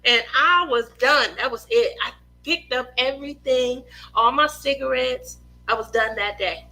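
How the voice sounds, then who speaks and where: A middle-aged woman hosting a relaxed craft chat, with a high, bright voice. She tells family stories in an animated way, laughing often and putting on the voices of the people in them. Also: normal speed, rough recording. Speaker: craft livestream host. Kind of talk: casual chat while crafting.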